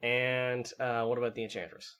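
A man running a tabletop game as game master, chatting casually and briskly moving things along. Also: medium pitch, fairly bright tone.

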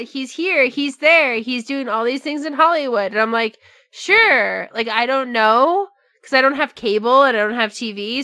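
A woman co-hosting a podcast, chatting casually in an animated, profane way with mocking asides. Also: on the high side, dry recording, studio quality. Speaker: podcast co-host. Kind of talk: casual chat.

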